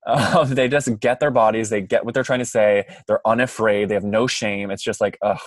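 A man's voice: fairly low pitch, steady tone, moderate pace, no room sound. Gushing man on a podcast, dry sound. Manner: gushing, filler-heavy. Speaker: podcast host. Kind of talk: casual chat.

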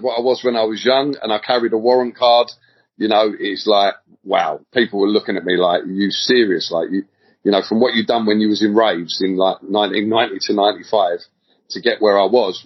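Recorded in dull lo-fi audio, a middle-aged man from England tells stories for a podcast in a casual interview, rambling with slang and often repeating words. His fairly low voice is steady in tone, fairly quick, and carries a breathy edge.

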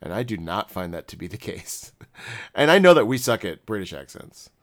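A man's voice: lowish voice, big pitch swings, brisk. A young man co-hosting a podcast, chatting in a wry, self-mocking way and laughing often. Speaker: podcast co-host. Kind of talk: casual chat.

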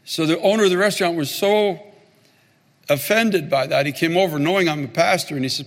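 A male pastor preaching a sermon and telling a story, animated and repeating phrases for emphasis. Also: a little high, brisk. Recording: long hall reverb.

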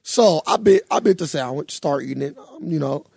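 A young man co-hosting a casual podcast, telling a story in an animated, profane way. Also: on the high side, moderate pace, vocal fry, slightly rough, no room sound. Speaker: podcast co-host. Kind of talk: casual chat.

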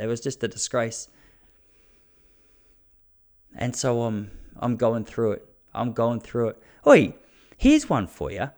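A man in his thirties with an Australian accent, a comedian and podcast host telling stories in a casual monologue, animated and chatty with frequent restarts. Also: mid-range voice.

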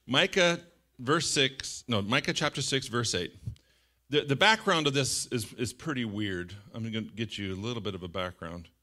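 A middle-aged man preaching a sermon, lively and animated, shouting out quoted lines and laughing often. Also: mid-range voice, moderate pace. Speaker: pastor.

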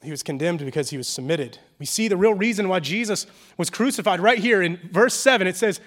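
A man, a pastor, preaching a sermon in a casual, conversational way with slang, swinging from quiet and intimate to loud and animated. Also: high-pitched, fairly quick.

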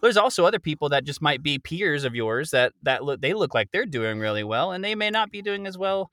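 A man's voice: on the high side, big pitch swings, brisk, fairly bright tone, no echo, studio quality. A man co-hosting a casual voiceover podcast, easygoing and encouraging, with many ums and uhs. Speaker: podcast co-host.

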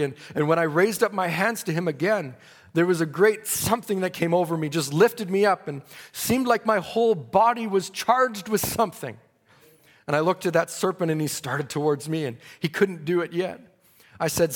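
A man's voice: high voice, moderate pace, big-room sound. A man preaching a sermon, telling a story dramatically and breaking into praise.

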